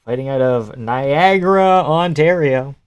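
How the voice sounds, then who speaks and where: Profane excitable young man streaming. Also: mid-range voice, a little slow, clean tone. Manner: excitable, profane, laughing, yells at the screen. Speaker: streamer watching fights. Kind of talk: live reaction stream, casual profane chat.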